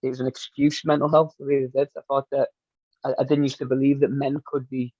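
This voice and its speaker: A man's voice: mid-range voice, flat delivery, quick pace, darkish tone, no echo. A Glaswegian man, a football coach guest, speaking earnestly and from the heart in a podcast interview. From Scotland. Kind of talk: casual interview chat. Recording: dull dry lo-fi sound.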